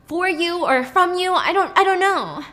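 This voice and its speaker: A woman's voice: very high voice, normal speed, pushed and bright, pitched above the performer's own voice. An arrogant, curt rich businessman, as a woman puts him on while telling a story. He talks in clipped, impatient bursts and sounds irritated at everyone around him. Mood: flustered.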